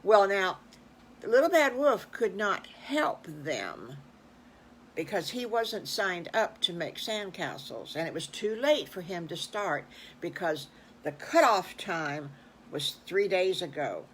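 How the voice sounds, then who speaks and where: An older woman telling an improvised children's story in a folksy, rambling, animated way. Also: fairly low pitch, takes it slowly, a little hiss or hum, rough recording. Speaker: storyteller grandmother.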